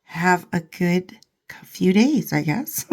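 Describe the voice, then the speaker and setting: A woman hosting a casual online commentary, her voice hoarse from overuse, chatting and laughing often. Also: fairly low pitch, sing-song, takes it slowly.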